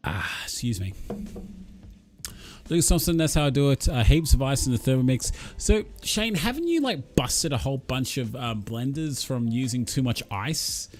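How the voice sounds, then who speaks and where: A man hosts a relaxed live-chat stream, reading out his viewers' messages. He talks at an ordinary pitch and encourages each viewer, while soft music plays quietly in the background. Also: moderate pace, hardly any pauses. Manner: reads out viewer comments and cheers viewers on. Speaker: livestream host.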